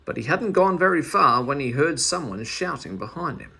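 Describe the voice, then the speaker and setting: A man reads a children's story aloud, lively and expressive. His voice is fairly high and swoops over a wide range. A gravelly, slightly husky texture runs through it. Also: normal speed.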